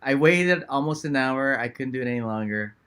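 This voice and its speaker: A man chatting as a guest on a live stream over a video call, relaxed and friendly. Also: medium pitch, fairly quick, clear, resonant tone. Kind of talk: casual chat. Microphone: video call with headphones.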